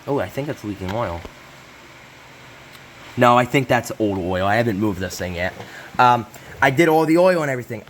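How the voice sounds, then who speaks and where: A young man hosts a casual repair vlog in a hot garage, speaking at medium pitch with a fairly bright tone over slight background noise. He rambles and interrupts himself with apologetic asides.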